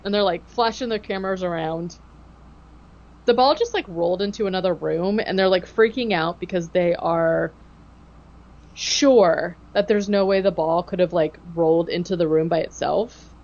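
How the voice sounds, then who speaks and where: A woman's voice: fairly low pitch, moderate pace, darkish tone. A woman hosts a casual podcast, recapping a ghost-hunting show with dry sarcasm. She slips into mocking impressions now and then. The audio is a touch dull and lo-fi. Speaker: podcast host.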